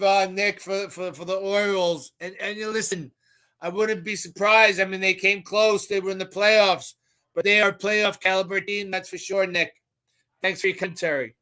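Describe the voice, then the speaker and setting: A man hosting a live stream with a hoarse, recovering voice, chatting casually and greeting viewers by name with boisterous shouts. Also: sits high. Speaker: live stream show host.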